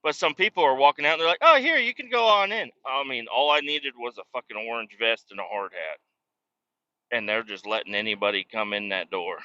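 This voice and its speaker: A man talks in a sharp, forceful voice that has a hard edge. He is a truck driver telling a loose, swearing story as he drives. The recording sounds slightly muffled and lo-fi. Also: on the low side, brisk. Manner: profane, ranting storyteller. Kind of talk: casual rambling monologue.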